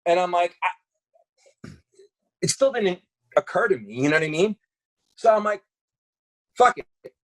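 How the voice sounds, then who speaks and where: This man from Brooklyn has a high voice and an unhurried delivery with frequent pauses. As a podcast guest telling casual stories, he's animated, performs the voices of people he quotes, and swears and uses fillers heavily.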